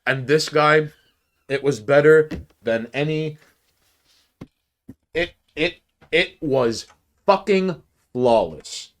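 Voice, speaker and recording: New york guy cohosting a podcast, swears a lot, animated storytelling, gets loud then quiet. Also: on the high side, slow pace, pauses often. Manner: profane, animated storytelling with swings in loudness. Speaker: podcast co-host. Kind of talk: casual chat, storytelling.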